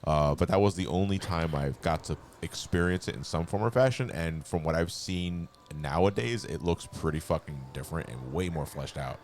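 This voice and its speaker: A man's voice: low-pitched, moderate pace, few pauses, darkish tone, slight background noise. A man hosting a charity stream, reading out donations and chatting loosely with swearing and lots of fillers. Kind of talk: casual chat.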